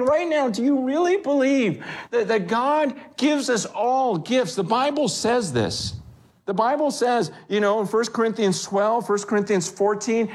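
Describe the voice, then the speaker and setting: Speaking high for a man, this preacher delivers his sermon loosely and conversationally, lively and animated, even taking on the voices of the people he quotes. He seems to be talking with the congregation rather than preaching at them.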